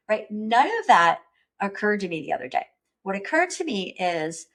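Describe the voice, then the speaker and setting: A woman's voice: mid-range voice, big pitch swings, normal speed, fairly bright tone. Earnest woman hosting a reflective podcast. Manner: earnest, self-reflective, acts out panicked inner voice. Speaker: podcast host. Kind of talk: personal reflective monologue.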